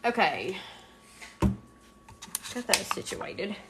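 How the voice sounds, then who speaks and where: A woman's voice: medium pitch, big pitch swings, very slow, very noisy. A woman hosting a crafting live stream, chatting in a rambling, chatty way and laughing often. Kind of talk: casual live stream chat.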